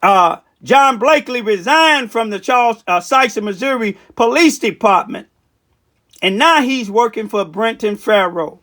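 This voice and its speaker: A man's voice: high voice, expressive, a little slow, pushed and bright. A man giving an impassioned live political rant to his viewers, repeating himself and calling them y'all. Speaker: local political commentator.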